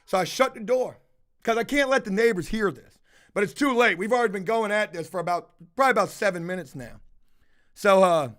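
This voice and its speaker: High pitched dude ranting at his viewers, cussing every other word, loud and belligerent. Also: a little fast. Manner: loud, belligerent, heavy swearing, addresses viewers as folks. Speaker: video host. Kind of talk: profane ranting storytime.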